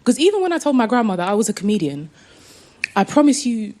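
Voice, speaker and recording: A woman of Jamaican heritage performing a stand-up comedy set, animated and laughing through her lines. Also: a little high, fast talker. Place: comedy club stage. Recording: live club recording with clear noise.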